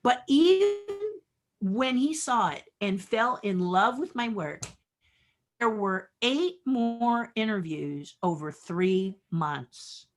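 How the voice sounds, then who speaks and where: A middle-aged woman guest telling career stories, acting out each person in a conversation. Her pitch swings widely as she plays out the dialogue. She sounds expressive and energetic throughout. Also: takes it slowly. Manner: animated storyteller acting out dialogue. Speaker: podcast guest. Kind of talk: storytelling interview.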